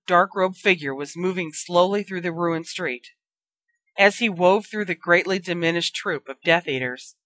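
A storyteller reads a fantasy story aloud, steady and dramatic in pacing. The voice is bright and forward, recorded close and dry with no room sound. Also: mid-range voice, no echo. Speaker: narrator. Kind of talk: reading a fan fiction story aloud.

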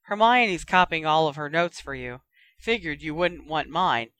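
An easygoing teenage boy talks in an offhand, joking way, as the reader puts him on. The voice is bright and smooth, recorded dry and close for a storybook reading. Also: medium pitch, measured pace, no echo, close to an everyday voice. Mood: casual.

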